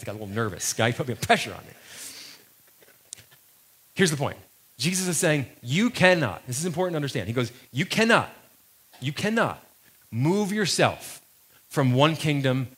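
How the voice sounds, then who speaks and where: A man preaching a sermon to a congregation in a conversational, lively way, slowing down to stress key phrases. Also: a little high. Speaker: pastor.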